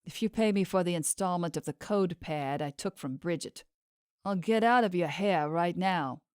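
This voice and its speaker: A woman's voice: lowish voice, moderate pace, clear, resonant tone, dry recording, clean studio sound, close to an everyday voice. A woman reading the part of a blunt, mercenary male hired thug in an audiobook, speaking curtly and threateningly. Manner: curt, threatening.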